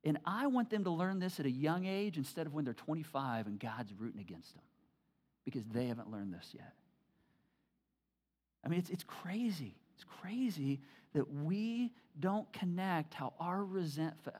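A pastor preaching a sermon, telling family stories with animated, repetitive emphasis. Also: male voice, fairly high pitch, husky.

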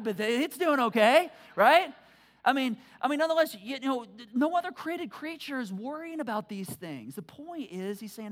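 A middle-aged woman pastor giving a conversational sermon, telling stories animatedly and acting out her own thoughts, often repeating words and restarting. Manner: animated storytelling, acts out own thoughts with big pitch swings; frequent word repeats and restarts.

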